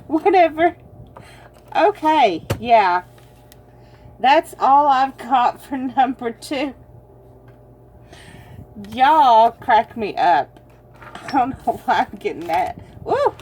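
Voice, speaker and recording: A woman's voice: a little high, expressive, takes it slowly, long pauses, a little mellow, slight background noise. A woman giving a casual tarot card reading, chatty and teasing, laughing often and calling her viewers y'all. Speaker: tarot reader.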